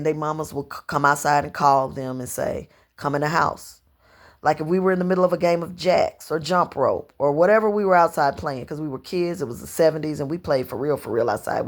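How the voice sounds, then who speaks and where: Southern lady in her 50s, low voice, slow drawn-out storytelling, just rambling to the camera. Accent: Southern US, Louisiana. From Louisiana, US. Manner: unhurried storytelling, drawn-out phrasing, slips into dialect and quoted voices. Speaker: vlogger. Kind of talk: rambling personal monologue to camera.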